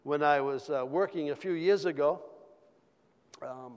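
Halting man giving a testimony in a hall. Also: on the high side, a little mellow, smooth. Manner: halting, many repeated words and fillers. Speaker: church speaker sharing a testimony. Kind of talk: informal sermon testimony.

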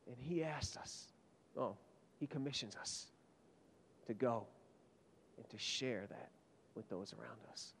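A man preaching a sermon with dramatic storytelling, swinging between loud emphatic peaks and hushed, almost whispered lines. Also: medium pitch, a little slow, creaky, long pauses, slight background noise. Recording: long hall reverb.

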